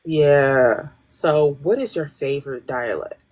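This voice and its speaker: A woman's voice: low-pitched, slow, darkish tone. A woman hosting a podcast, asking questions in a casual interview. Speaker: podcast host.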